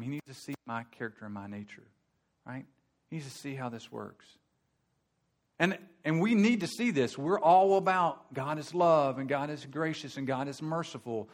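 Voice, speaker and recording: A man preaching an expository sermon in a conversational way, asking rhetorical questions and building to forceful emphasis. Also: mid-range voice, normal speed.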